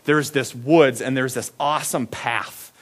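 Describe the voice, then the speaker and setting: A man preaching a sermon, telling a childhood story with acted-out voices and big swings between loud and soft. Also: medium pitch, steady tone, measured pace. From Iowa. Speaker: pastor.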